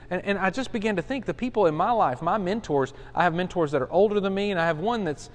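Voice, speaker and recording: A man's voice: high-pitched, fast talker, few pauses. Earnest forty-year-old man teaching in a reverberant room. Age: 40s. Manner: casual and earnest, with many restarts and fillers. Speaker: pastor. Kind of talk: Bible study teaching. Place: pastor's study. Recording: long hall reverb.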